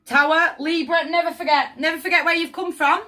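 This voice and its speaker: A woman's voice: extremely high pitch, fairly even intonation, brisk, sharp tone. A woman giving a tarot reading, speaking emotively and often asking "does that make sense" over faint background music. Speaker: tarot reader.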